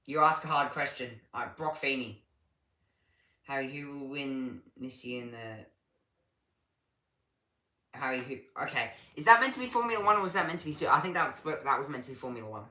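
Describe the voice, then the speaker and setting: A man giving casual live commentary on a race session, chatty and halting, often restarting sentences as he reads viewer questions. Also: medium pitch, expressive, bright, forceful tone, roomy sound. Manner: chatty and halting, with frequent restarts while reading chat.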